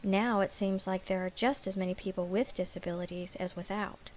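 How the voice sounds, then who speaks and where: A woman parent asks her questions politely and with curiosity, as in a scripted dialogue. Her voice has a middle pitch and an ordinary tone. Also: steady tone, fairly quick, a little mellow, a little hiss or hum, poor audio. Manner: inquisitive, polite.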